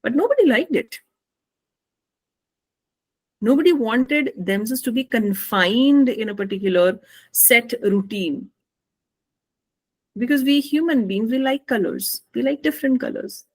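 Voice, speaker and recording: A woman's voice: a little high, lively intonation, unhurried, pauses often. A woman hosting a podcast in a polite, deferential, conversational way. Her voice is recorded with a dry sound and no room echo. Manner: polite, deferential, addresses guest as sir. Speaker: podcast host.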